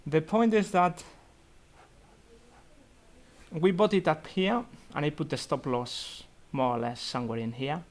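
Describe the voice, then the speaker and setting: Young male student leading an online fund meeting; unhurried, hesitant, thinks aloud. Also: fairly high pitch. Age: young adult. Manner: halting, thinking aloud with many fillers. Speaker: student investment society organiser. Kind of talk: virtual meeting portfolio review. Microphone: computer mic on a video call.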